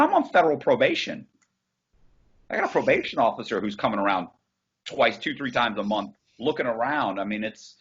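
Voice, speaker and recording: A man guest in an interview, telling his story in a blunt, profane, animated way over a video call. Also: fairly low pitch, husky, muffled recording. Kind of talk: casual storytelling.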